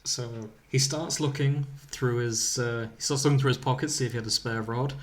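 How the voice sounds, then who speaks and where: A man hosts a casual comedic podcast and retells a silly story in a playful, deadpan way. His pitch sits in the ordinary middle range. He chats easily with friends. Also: moderate pace. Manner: playful storytelling, dry jokes. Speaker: podcast co-host reading a fan story.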